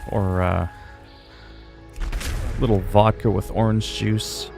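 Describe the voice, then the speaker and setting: A man's voice: fairly low pitch, level tone, takes it slowly, vocal fry, darkish tone, faint music behind. A man in his forties chatting casually on a game livestream, rambling, with crude joking asides. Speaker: game streamer.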